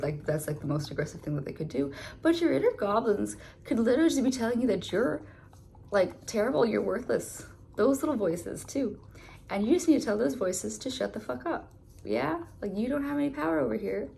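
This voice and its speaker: Tarot reader, woman, chatty and loose, gravelly fry in her voice, casual delivery. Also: medium pitch, darkish tone, a little hiss or hum. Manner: chatty, many filler words.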